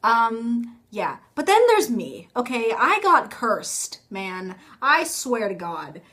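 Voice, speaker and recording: High-voiced chatty young woman vlogger. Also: very animated, slow pace, a bit bright. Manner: chatty, self-mocking, lots of fillers. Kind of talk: casual rambling vlog monologue. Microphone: phone camera.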